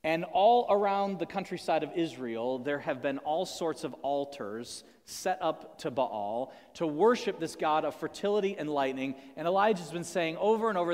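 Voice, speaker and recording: A man preaching a sermon, telling the story in a lively way with humorous asides. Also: on the high side, moderate pace, hardly any pauses. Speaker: pastor. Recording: long hall reverb.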